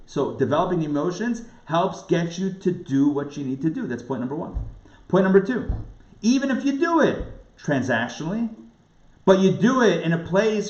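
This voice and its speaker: Rabbi guy lecturing live, pitch jumps all over, roomy dull lo-fi recording. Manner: animated, asks rhetorical questions, acts out quoted voices. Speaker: rabbi teaching a class. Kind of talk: lively lecture.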